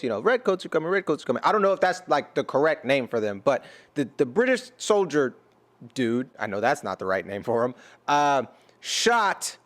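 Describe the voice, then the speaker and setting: An American man with a slightly raised pitch rambles through casual reaction commentary. He jokes, trails off and restarts often, leaning on fillers as he thinks aloud. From United States. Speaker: reaction YouTuber and rapper.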